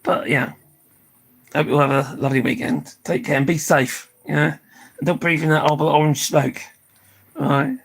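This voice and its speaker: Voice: medium pitch, steady tone, normal speed, long pauses, slightly rough, rough recording. An older speaker chatting casually on a live stream, tired and losing their voice, swearing freely and laughing often.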